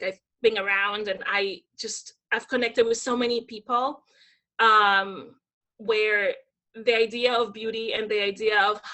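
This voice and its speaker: Energetic high-voiced woman telling stories. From Dominican Republic. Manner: energetic, animated storyteller. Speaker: podcast guest. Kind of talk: casual interview conversation.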